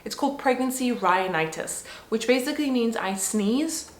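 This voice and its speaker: A woman vlogger and mother chats casually to camera, rambling with plenty of fillers. Her nose sounds congested, and her voice is a little high with lively intonation at a moderate pace. The room gives a noticeable echo.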